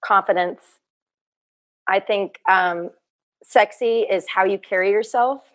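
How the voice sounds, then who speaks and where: In a casual podcast chat, a woman in her thirties who owns a fitness business speaks as a guest in a slow, mid-range voice. She comes across as earnest and reflective, and she tends to repeat herself.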